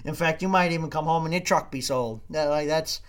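A man hosting a podcast, ranting comedically with profanity and loud swings in volume. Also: fairly high pitch, fairly quick. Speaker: podcast host. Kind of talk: comedic rant.

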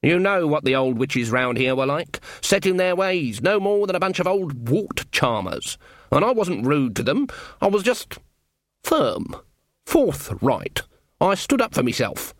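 A man's voice: a little high, very animated, a little slow, no echo, studio quality, pitched above the performer's own voice. A man voicing a stern, proud old woman witch in an audiobook, curt and firm. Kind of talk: audiobook reading.

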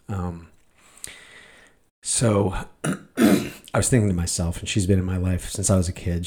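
A man's voice: low voice, a little mellow, slightly rough. A middle-aged man hosting a podcast, telling a story in a rambling way with many fillers and restarts. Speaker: podcast host. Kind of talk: casual monologue podcast.

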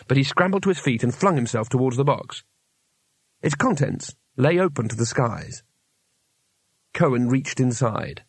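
A man narrating a fantasy novel audiobook in an even storytelling manner. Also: medium pitch, breathy edge, no echo. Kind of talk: scripted narration.

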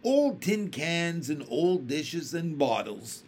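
A man reading aloud and voicing a gentle, sweet-natured girl. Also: on the high side, big pitch swings, slow pace, a little hiss or hum.

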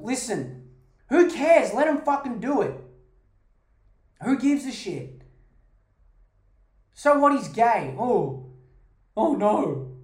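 A woman's voice: on the high side, big pitch swings, slow, pauses often, a little mellow, reverberant. A woman hosting a podcast, ranting in a heated, sarcastic way with plenty of swearing. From Australia. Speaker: podcast host.

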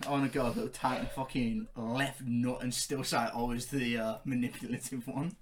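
A man's voice: medium pitch, level tone, normal speed, slight background noise. A young man co-hosting a casual podcast, joking around and swearing a lot. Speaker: podcast co-host. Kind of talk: casual chat.

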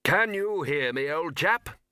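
Brief: man voicing a booming, hearty wizard chief for an audiobook, animated. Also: takes it slowly, clear, resonant tone, dry recording, studio quality, heavily acted. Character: bluff, hearty male Arch-Chancellor wizard.

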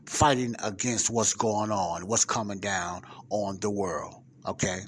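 Emphatic man, low voice. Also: fairly even intonation, measured pace, a little hiss or hum. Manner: emphatic, repeats numbers and asks the listener directly. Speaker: podcast host. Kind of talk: commentary over a played clip.

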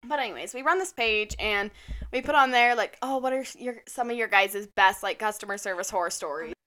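A woman's voice: mid-range voice, brisk, bright, forceful tone. A young woman co-hosting a podcast in casual chat, rambling, chatty and swearing now and then. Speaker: podcast co-host.

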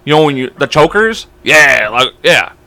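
A young man co-hosting a casual podcast, telling stories in an animated way and swearing a lot. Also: a little high, vocal fry, no room sound. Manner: fast, animated storytelling with lots of swearing. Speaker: podcast co-host.

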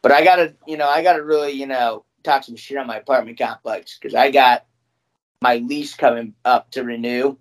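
A man's voice: mid-range voice, brisk. A young man co-hosting a podcast, ranting with frequent swearing in casual chat. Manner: ranting, profane, animated. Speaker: podcast co-host.

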